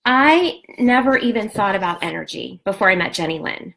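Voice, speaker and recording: A woman's voice: medium pitch, expressive, normal speed, creaky, fairly bright tone. A woman in her forties, a beauty product distributor, giving a candid motivational talk to her sales team, blunt and swearing freely. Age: 40s.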